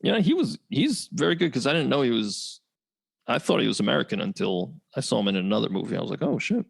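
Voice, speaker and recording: A man with a gravelly, fry-laden voice at an ordinary pitch co-hosts a casual movie podcast. He is laid-back, swears freely, and often drops in short agreements. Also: sing-song, quick pace. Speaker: podcast co-host. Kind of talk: casual chat about a movie.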